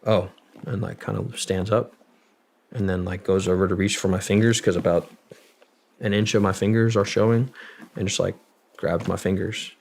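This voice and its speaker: Gravelly low-voiced young man telling a story. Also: steady tone, normal speed, long pauses, darkish tone, slight background noise. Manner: profane, loose delivery full of "like" fillers. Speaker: podcast guest, Marine veteran. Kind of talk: casual storytelling.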